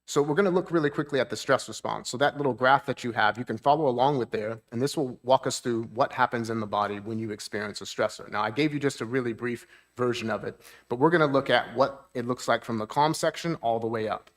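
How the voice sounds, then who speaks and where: A man's voice: medium pitch, fast. A man, a therapist, giving a talk at a church seminar. He explains things plainly, keeps checking in with the audience, and lifts his voice to act out moods.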